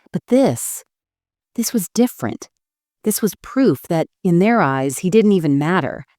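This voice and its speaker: A middle-aged woman narrating a first-person family story in a steady, dramatic storytelling manner. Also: lowish voice, no room sound, clean studio sound.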